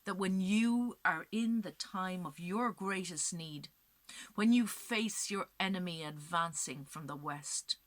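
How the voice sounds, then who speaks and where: A woman storyteller voicing a heavily pregnant magical woman who pleads for mercy and curses slowly. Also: on the low side, no echo. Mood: cursing. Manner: pleading, then cursing in a slow, hushed voice.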